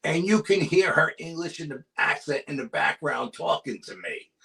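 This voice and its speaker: Speaking at normal speed in a gravelly, somewhat high voice, a New York-accented man recounts a creepy experience from his paranormal and cryptid investigations. He's a lively guest storyteller in a casual interview, imitating voices and slipping into whispers.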